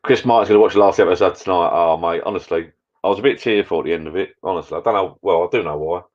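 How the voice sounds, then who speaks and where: A man's voice: low voice, racing, darkish tone, highs cut off. A man rambling through a casual live-stream chat from his garden bar, talking to viewers in a matey way. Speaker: vlogger hosting a live chat.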